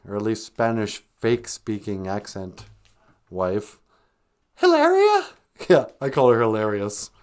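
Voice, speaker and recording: A man hosting a comic podcast, rambling and deadpan with sarcastic asides. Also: lowish voice, clean tone. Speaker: podcast host.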